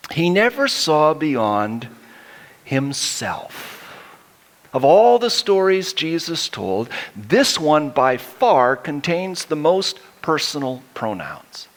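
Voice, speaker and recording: Slow, lively-voiced male preacher. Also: fairly high pitch. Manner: storytelling preacher, acting out quotes. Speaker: pastor. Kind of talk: sermon.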